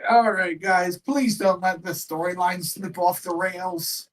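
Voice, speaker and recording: A man co-hosting a wrestling watch-along stream, opinionated and animated, laughing often. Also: high-pitched, measured pace. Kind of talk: casual livestream chat. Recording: voice sits distant from the mic.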